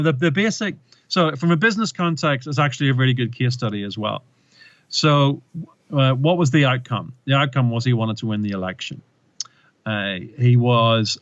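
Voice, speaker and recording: A male presentation coach talks through a story with emphasis, stumbling and repeating words as he builds his points. His pitch sits in the middle of the range. The audio is dull and dry, as if it were a muffled close mic. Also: dry recording. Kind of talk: animated interview storytelling.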